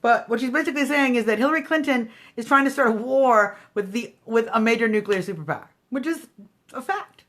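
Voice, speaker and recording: A woman's voice: fairly high pitch, brisk, a bit bright. A woman hosting a casual political livestream, talking straight to her viewers in a snarky, combative way. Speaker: livestream host.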